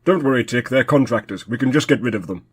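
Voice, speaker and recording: A man's voice: mid-range voice, fast, breathy edge, natural voice. A man playing a fussy, indignant worker who keeps quoting the employee handbook. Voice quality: pedantic, indignant. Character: fussy rule-quoting male clock worker. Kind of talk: sketch comedy acting.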